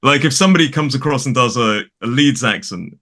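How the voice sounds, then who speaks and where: A man's voice: medium pitch, lively intonation, a little fast, sharp tone. A middle-aged British man, an English teacher, talking in a chatty, rambling way full of restarts. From United Kingdom. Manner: chatty, digressive, with many restarts and fillers. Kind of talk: casual conversation.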